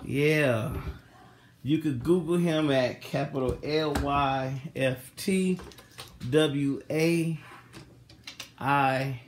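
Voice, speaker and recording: A man's voice: a little high, extremely slow, long pauses, slight background noise. A man in a home kitchen, casually talking viewers through a cooking session as he patiently coaches children step by step. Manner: coaxing, patient, calls out directions. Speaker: vlogger teaching kids to cook. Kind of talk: casual vlog instruction.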